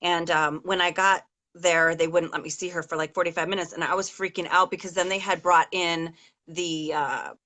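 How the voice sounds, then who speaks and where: A woman's voice: on the low side, fairly even intonation, normal speed, sharp tone. A middle-aged woman interviewing a guest on a casual call, telling a long personal story in a rambling, emotional way with many fillers. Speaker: interviewer, mother of an injured daughter.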